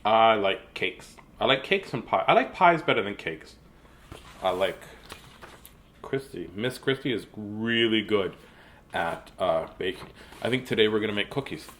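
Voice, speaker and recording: A man's voice: lowish voice, animated, measured pace, fairly bright tone, a little hiss or hum. A middle-aged man hosting a live-streamed children's storytime, chatty and playful, easily sidetracked and greeting young viewers by name. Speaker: children's book reader and show host.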